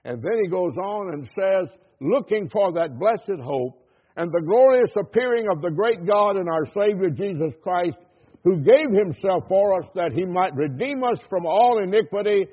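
Preacher guy, high voice that swoops up and down, husky, sounds like a phone line. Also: lively intonation, moderate pace. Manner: impassioned, repeating rhetorical questions; reads scripture in an old-fashioned cadence. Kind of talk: sermon.

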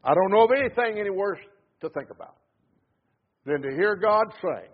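Guy preaching a sermon, high husky voice, sounds tinny like over a phone line, gets loud then drops way down. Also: lively intonation, normal speed. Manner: emphatic preaching that swings between loud stresses and low trailing endings.

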